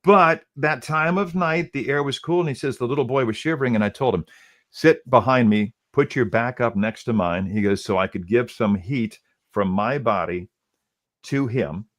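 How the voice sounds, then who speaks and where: Low-voiced man telling a story. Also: moderate pace. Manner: retells quotes with many "he goes", restarts. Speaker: radio host. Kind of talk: casual storytelling.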